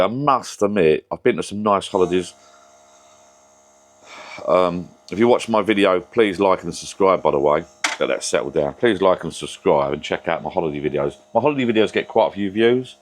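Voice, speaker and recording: A man with a very deep, low voice rambles casually into a camera mic from his garden shed pub. He drifts off on tangents and swears now and then, chatting away to his viewers. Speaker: vlogger. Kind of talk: casual chat.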